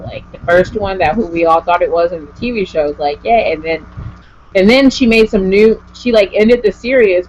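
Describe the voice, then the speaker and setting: A woman's voice: on the low side, a little hiss or hum. A woman vlogger chatting casually with a guest, gushing and rambling with lots of "like". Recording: dull lo-fi home recording.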